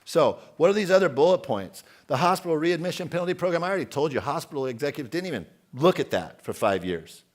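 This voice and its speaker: A man's voice: on the high side, animated, fast talker, few pauses. A man in his forties giving an outspoken, emphatic conference keynote and putting questions to the audience. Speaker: keynote speaker.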